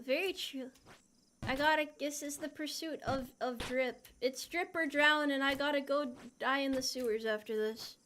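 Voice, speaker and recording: Sharp-toned and sitting high, this young female VTuber's voice comes with a little hiss or hum. She chats playfully with viewers during casual gameplay, reading their comments and responding.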